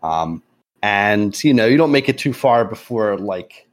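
Relaxed man narrating as game master. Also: fairly low pitch, a little slow. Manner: relaxed, chuckling, hesitant fillers.

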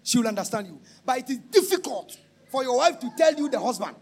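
A man preaching a sermon, shouting and half-singing, then dropping to a low confiding tone. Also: big pitch swings, fast, breathy edge, soft background music.

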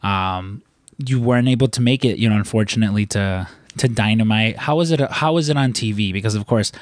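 A man's voice: fairly low pitch, fairly quick, no echo, clean studio sound. A young man hosting a podcast, telling a rambling story with lots of fillers, restarts and casual swearing. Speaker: podcast host.

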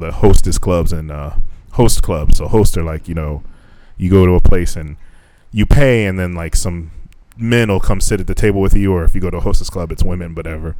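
A man co-hosting a casual podcast chat, rambling and swearing a lot, his voice jumping up when he gets worked up. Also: no room sound. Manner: heavy swearing, rambling with restarts; animated, voice jumps high when telling stories. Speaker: podcast co-host. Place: living in Japan.

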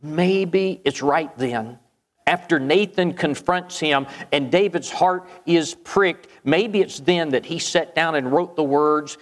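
A man's voice: on the high side, slow. A man preaching a sermon, retelling a story and asking the listeners questions. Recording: long hall reverb.

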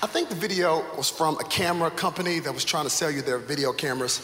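A male pastor in his thirties preaching a sermon, telling a funny story with animated energy that builds to excited shouts. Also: on the high side, fast talker, a little hiss or hum. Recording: echoey hall, live room ambience.

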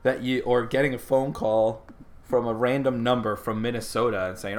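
A man's voice: medium pitch, normal speed. A man co-hosting a podcast in casual chat, telling stories animatedly and laughing often. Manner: animated storyteller, laughs often, does voices. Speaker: podcast co-host.

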